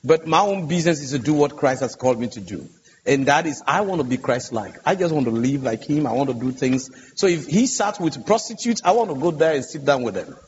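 Male pastor panelist, fairly high voice, earnest storyteller; dull, hissy hall recording. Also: expressive, a little fast. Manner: earnest, emphatic retelling of dialogue. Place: large conference hall. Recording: dull, echoey conference hall audio with hiss.

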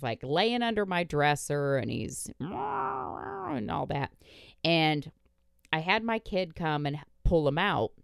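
A woman podcast host tells a story in casual chat, blunt and quick to swear. Her voice sits low but swings widely in pitch. The sound is dry and close, with no room behind it. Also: gravelly, clean tone, no echo. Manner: blunt, swears freely, laughs through the story.

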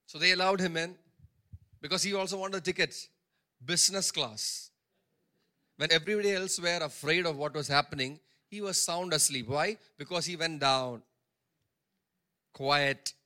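A man's voice: on the high side, sharp tone. A male pastor preaching a sermon, stressing points by repeating phrases and acting out the characters' words in his own voice. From India.

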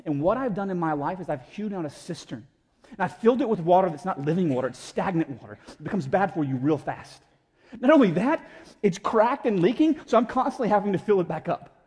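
A high-voiced man preaches with lively, conversational energy, acting out the voices of the people in his stories. His tone is husky, and it carries the long reverb of a large hall. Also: brisk. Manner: animated, conversational, acts out voices. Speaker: pastor. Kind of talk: sermon.

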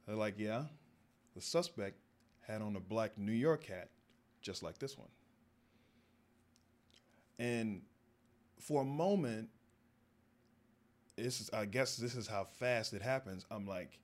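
A man from the American South telling a long comedic story, jumping into high-pitched voices for the people in it. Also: slow pace, long pauses. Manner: animated, acts out other voices in high pitch. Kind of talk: storytelling stand-up.

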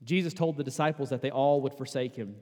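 A man preaching a sermon as pastor, conversational and casual, building to emphatic, louder peaks. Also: medium pitch, fast. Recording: long hall reverb.

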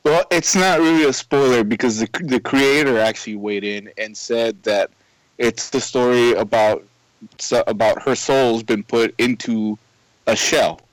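A man giving blunt, matter-of-fact takes in a casual podcast chat. His voice has an ordinary middle pitch. The sound is dry and close, with no room echo. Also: unhurried.

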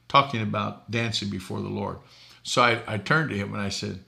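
Hosting a preaching talk show where he answers viewer questions, an older Boston man speaks in a gravelly, lowish voice with a bright edge at a moderate pace. He tells folksy stories and chuckles at his own jokes.

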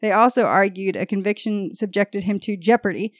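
In a studio-quality recording with no room sound, a podcast host tells a true-crime story, reading the facts of an old murder and breaking off to joke and laugh with her co-hosts. She speaks fairly quickly at a medium pitch.

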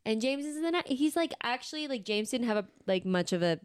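Young woman, podcast co-host, casual chat, excitable, swearing, smooth voice, dry close sound. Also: fairly high pitch, fast talker, no room sound. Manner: excitable, laughs often, swears.

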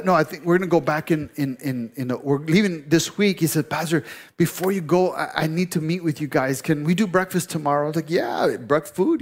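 A middle-aged male pastor preaching a sermon, telling a story in a conversational, joking way with asides to the congregation. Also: fairly high pitch.

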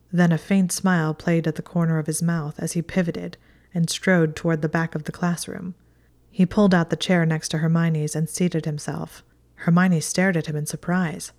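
A woman reading a chapter of fan fiction aloud in a calm, steady narration. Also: lowish voice, moderate pace. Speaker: audiobook reader. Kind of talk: scripted narration.

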